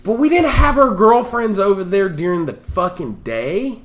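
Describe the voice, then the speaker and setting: A man's voice: high voice, lively intonation, normal speed, fairly bright tone. A man telling a crude, profane story to friends, often laughing as he talks. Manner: profane, laughing through his own story. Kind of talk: casual storytelling among friends.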